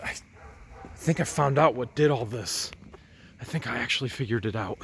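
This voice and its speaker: A man hosting an outdoor vlog by a swamp, excitable and often dropping to a hushed whisper. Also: medium pitch, moderate pace, gravelly, pauses often, background noise. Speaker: vlog host.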